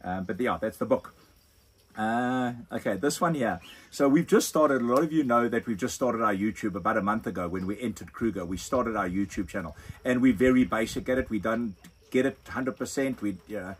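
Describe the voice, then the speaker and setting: A man's voice: lowish voice, brisk, husky, low-quality recording. An older man with a South African accent hosting a casual question-and-answer chat, rambling and repeating himself as he answers. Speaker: overlanding vlog host. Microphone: phone propped on a wine box.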